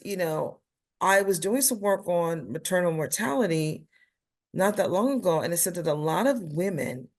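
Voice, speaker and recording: A woman from Brooklyn with a clear New York accent talks about health policy as an interview guest. She is emphatic and animated, with a slightly low voice. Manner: animated, emphatic storyteller with a playful streak. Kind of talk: panel interview conversation.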